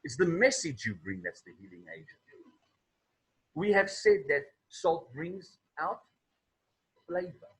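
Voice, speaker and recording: A man's voice: on the high side, very animated, unhurried, pauses often, slightly rough, low-quality recording. A man with a South African accent, preaching to young people in a conversational storytelling way.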